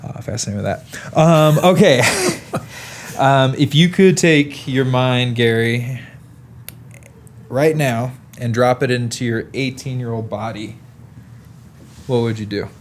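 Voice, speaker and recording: A young adult man hosting a podcast interview, telling anecdotes in an animated, casual way. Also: mid-range voice, slow pace, long pauses, a little hiss or hum. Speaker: podcast host.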